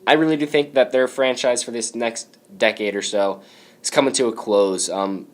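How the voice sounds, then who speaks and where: A man's voice: mid-range voice, moderate pace. Teasing young man, podcast co-host. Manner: teasing, emphatic short quips. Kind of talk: casual podcast chat.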